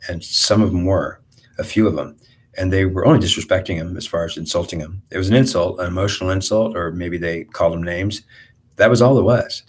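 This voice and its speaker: A man talks through a spiritual monologue in a low, husky voice. He rambles, stopping and restarting his sentences and repeating himself as he goes.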